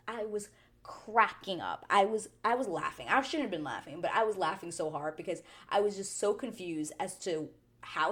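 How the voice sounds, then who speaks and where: A woman hosting a chatty reality show recap, animated and quick to act out the people she talks about. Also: medium pitch. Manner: animated, chatty, drops into quoted voices. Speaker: TV recap vlogger.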